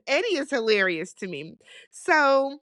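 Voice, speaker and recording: Chatty woman host, high voice, dry close recording, sassy with easy laughs. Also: animated, a little slow, a bit bright, dry recording. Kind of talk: casual recap chat.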